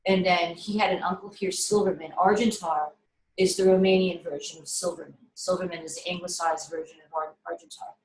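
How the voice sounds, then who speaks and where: A middle-aged woman filmmaker telling stories casually on a video call, animated and full of restarts. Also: on the low side, brisk. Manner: animated, with frequent restarts and fillers. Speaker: filmmaker being interviewed. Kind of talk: casual conversational storytelling. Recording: echoey room on a video call.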